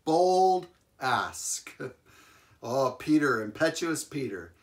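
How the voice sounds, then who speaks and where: A male preacher at a middle pitch tells a Bible story as part of a sermon. He delivers it in an animated way, repeats key phrases for emphasis and chuckles along the way. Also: measured pace.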